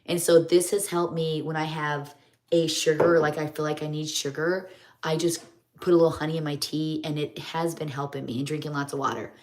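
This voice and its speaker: A woman's voice: low-pitched, flat delivery, a little fast, a little mellow. A middle-aged woman chats in a rambling, homey way while doing her makeup on a live stream. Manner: rambling, homey, chatty storytelling.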